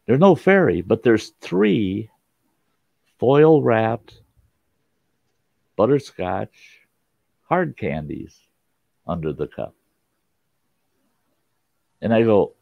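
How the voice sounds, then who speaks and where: A man's voice: on the low side, big pitch swings, drawn-out words, creaky, long pauses, dark tone, no room sound. A man hosting a show, telling a childhood story in a folksy, casual way with frequent laughs. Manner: folksy, laughs often, mild cursing. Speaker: host and storyteller. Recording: dull, lo-fi sound.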